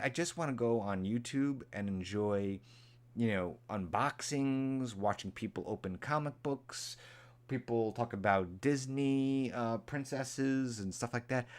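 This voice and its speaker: A man hosting a casual live stream, rambling and repeating himself, now and then jumping into a high, mocking voice to imitate angry people.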